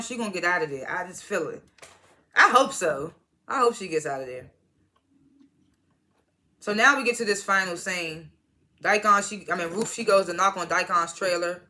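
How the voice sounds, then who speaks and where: A woman's voice: medium pitch, expressive, moderate pace, pushed and bright. A woman casually recapping a TV episode, retelling scenes by quoting each character in turn and laughing at them. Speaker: TV show reviewer.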